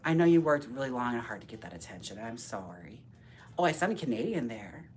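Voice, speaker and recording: A man hosting a casual live stream while styling dolls, talking to viewers by name in a campy, sassy way with quick jokes and frequent laughs. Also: medium pitch, very animated, slight background noise. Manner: talks to viewers by name, reads chat aloud.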